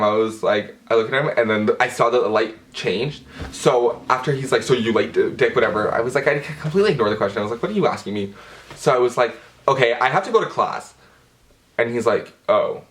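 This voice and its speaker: A young man tells a storytime vlog in a lively, dramatic way, swearing freely and breaking into sudden outbursts. His voice sits at an ordinary middle pitch for a man. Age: young adult. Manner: animated and profane, with dramatic outbursts. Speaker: vlogger.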